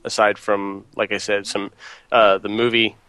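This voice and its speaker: A male podcast co-host with a bright, tense voice. He weighs his thoughts out loud and teases the others. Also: lowish voice, level tone, normal speed, no room sound. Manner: teasing, thoughtful. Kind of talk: casual chat.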